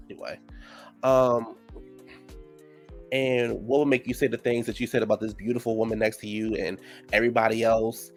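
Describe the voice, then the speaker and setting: A man talks through a reality show episode with plenty of attitude and slang, now and then jumping into a high, theatrical voice to act out what the cast said. His voice sits in a middle range, with faint music playing underneath. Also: normal speed, pauses often. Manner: sassy, animated, acts out cast members' lines in a high voice. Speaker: show reviewer. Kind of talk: casual recap commentary.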